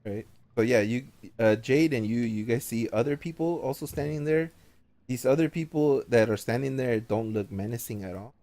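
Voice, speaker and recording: A man narrating as game master of an online tabletop game, talking casually and haltingly with many fillers. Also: mid-range voice, mellow.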